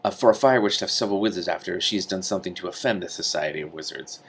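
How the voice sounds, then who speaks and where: A man's voice: deep voice, rapid-fire, breathy edge. A man reading aloud, voicing a polite, amused, verbose male magician. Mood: courteous.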